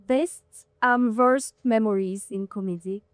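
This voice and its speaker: A woman hosting a podcast interview, chatty and quick with teasing asides, laughing often. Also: on the high side, smooth, no room sound, clean studio sound, soft background music. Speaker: podcast host. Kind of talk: casual interview chat.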